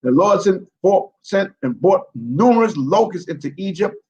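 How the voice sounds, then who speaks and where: Man reading out loud and ranting, swears a lot, trips on words, kinda muffled lo-fi. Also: sits high, moderate pace. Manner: animated, profane, incredulous; stumbles over words while reading. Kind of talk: reading scripture aloud with joking commentary.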